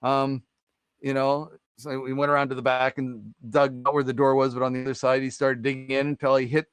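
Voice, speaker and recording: Male stream host, rambling folktale teller, smooth clear voice, dry close mic. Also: mid-range voice, level tone, fairly quick, no room sound. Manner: rambling, filler-heavy, keeps asking "right?". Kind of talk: casual folktale storytelling on a live stream.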